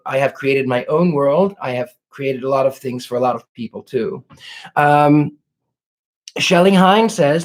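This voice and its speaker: A genteel man with a fairly high voice hosts a live question-and-answer stream as a psychic. He talks in an effusive, gracious way, reading out viewers' questions and answering them at length.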